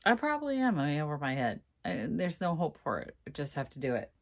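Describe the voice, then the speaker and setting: A woman vlogging casually to camera about a furniture project, halting and sighing, on the verge of tears. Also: sits low, wildly swooping pitch. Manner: halting, sighing, laughing through frustration. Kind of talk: casual vlog talking to camera.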